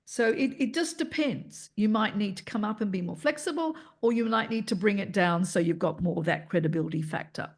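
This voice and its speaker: A woman, leading an online voice workshop in an energetic, encouraging way and demonstrating vocal tones as she teaches. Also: medium pitch, a little fast, hardly any pauses. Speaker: voice coach running an online workshop.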